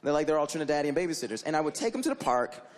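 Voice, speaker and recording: A man telling a stand-up story in an animated way, laughing and jumping into character voices. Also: fairly high pitch, very fast. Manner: animated, laughing, acts out characters with big voice jumps. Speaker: stand-up comedian.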